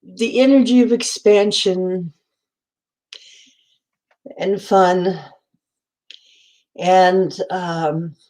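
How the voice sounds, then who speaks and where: A woman's voice: lowish voice, steady tone, very slow, long pauses, a little mellow. A woman hosting a casual livestream from indoors at home, chatty and often laughing, greeting viewers by name. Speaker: livestream host.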